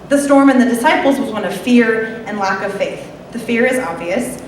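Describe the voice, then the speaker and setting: A woman's voice: a little high, animated, normal speed, few pauses, a little hiss or hum. A woman delivering a sermon in a conversational way, with wry asides. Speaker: preacher. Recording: echoey hall, mic far off.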